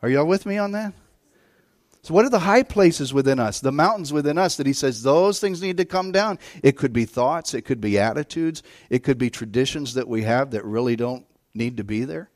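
A middle-aged man preaching a sermon as a guest preacher, telling stories and swinging between hushed and loud, excited delivery. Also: fairly high pitch, moderate pace, no echo, studio quality.

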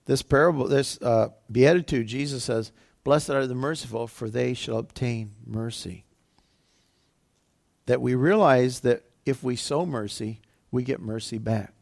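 Gravelly-voiced man preaching conversationally. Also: medium pitch, a little slow, a little mellow, no room sound, clean studio sound. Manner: conversational preaching, retelling scripture in everyday words. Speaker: pastor. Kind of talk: sermon.

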